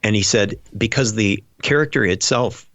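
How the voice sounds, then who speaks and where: A man's voice: lowish voice, normal speed, fairly bright tone, no echo. A man chatting casually on a podcast, rambling through stories with many fillers and restarts. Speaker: podcast guest. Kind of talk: casual chat.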